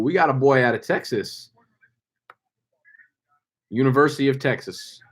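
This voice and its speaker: A young man hosting a casual live stream, loud and playful, hyping up names with slang and swearing. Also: medium pitch, moderate pace, pauses often, slightly rough. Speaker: fantasy football streamer.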